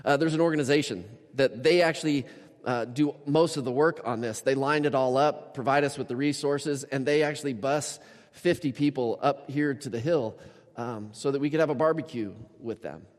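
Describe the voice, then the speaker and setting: Animated male pastor in a reverberant church. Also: medium pitch, moderate pace. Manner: animated storytelling, acting out quoted voices. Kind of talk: sermon. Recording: church hall with long reverb.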